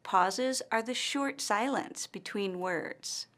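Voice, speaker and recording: A woman's voice: medium pitch, a bit bright. Careful woman teacher narrating a lesson. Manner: slow, careful and instructional. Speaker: English pronunciation teacher.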